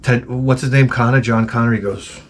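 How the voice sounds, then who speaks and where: A man's voice: medium pitch, fairly even intonation, moderate pace, slight background noise. A man hosting his own channel, talking in a rambling, offhand way with lots of fillers and restarts. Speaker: channel host. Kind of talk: rambling casual monologue.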